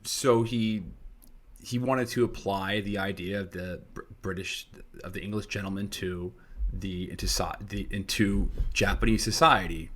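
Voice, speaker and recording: A man's voice: low voice, moderate pace, fairly bright tone. A young man co-hosting a history podcast, chatting casually and drifting into rambling side stories. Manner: rambling storyteller who digresses. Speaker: podcast co-host. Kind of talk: casual chat.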